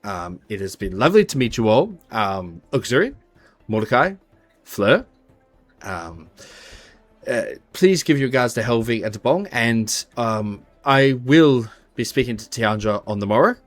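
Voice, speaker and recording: A man voicing a courteous noble taking leave, formal and old-fashioned with halting pauses. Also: mid-range voice, big pitch swings, no room sound, soft background music. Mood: polite.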